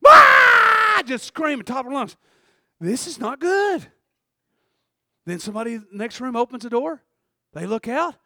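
A male preacher delivers a fervent sermon in a strikingly high voice. He swings between shouted bursts and hushed, storytelling stretches. The sound is dry, with no room around it. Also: sing-song, normal speed, pauses often, no room sound.

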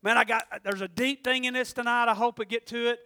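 A middle-aged man preaching a sermon, excitable, swinging between shouting and hushed talk. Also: very high voice, quick pace, clean tone.

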